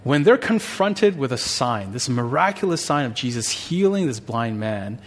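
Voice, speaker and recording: A male pastor praying, then teaching a Bible passage in a conversational, animated way. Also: mid-range voice, normal speed. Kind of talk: sermon with prayer.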